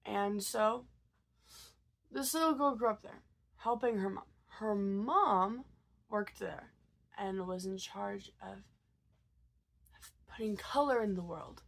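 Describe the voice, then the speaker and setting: A woman's voice: mid-range voice, takes it slowly, creaky, pauses often, fairly bright tone. A woman vlogger with a cold, sounding tired as she tells a story in a loose, casual way. She hesitates a lot and trails into fillers and restarts. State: sick, tired.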